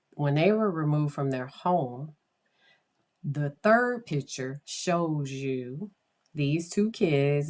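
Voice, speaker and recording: A woman's voice: low-pitched, darkish tone. A woman hosting a podcast, casually telling an eerie true story with hesitant restarts and dropping to a whisper at times. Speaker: podcast host.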